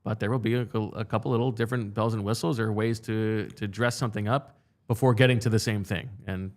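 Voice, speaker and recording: A man's voice: lowish voice, fairly even intonation, fairly quick. A man co-hosting a casual sports podcast, chiming in with wry, short remarks. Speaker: sports reporter co-host.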